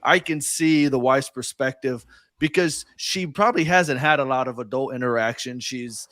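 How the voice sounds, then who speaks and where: A man's voice: medium pitch, normal speed, a bit bright, no echo, studio quality. A man co-hosting a casual talk show, earnestly making his point with many restarts. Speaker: co-host. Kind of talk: casual chat.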